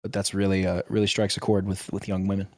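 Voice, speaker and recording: A man's voice: sits low, monotone, quick pace, dry recording, clean studio sound. A man co-hosting a casual music podcast from home, making wry joking remarks. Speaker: podcast co-host. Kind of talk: casual chat. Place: home room by a window.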